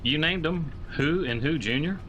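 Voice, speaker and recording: A man streaming a farming game, chatting casually and excitably, rambling with swears and laughs. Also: on the high side, moderate pace, muffled recording, a crowd in the background.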